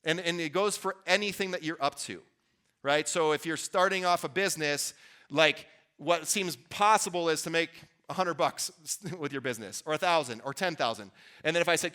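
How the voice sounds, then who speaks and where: A man's voice: fairly high pitch, normal speed, bright, forceful tone. A man giving an earnest, conversational motivational talk to a live audience as a workshop speaker, with restarts and asides to the crowd. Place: event venue before an audience.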